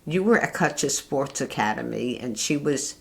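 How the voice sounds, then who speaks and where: A woman's voice: rumbling low, animated, normal speed, vocal fry. An older woman, chatting casually as a mother telling family stories, often laughing. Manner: warm, chatty storyteller who laughs often. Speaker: mother being interviewed.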